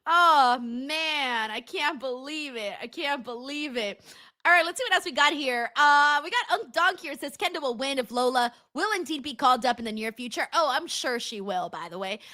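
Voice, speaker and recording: A young adult woman hosting a casual livestream, reading out viewer messages in an excitable way, laughing often and swearing freely. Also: high voice, moderate pace. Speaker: livestream host. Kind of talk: casual watch-along chat, reading viewer donations.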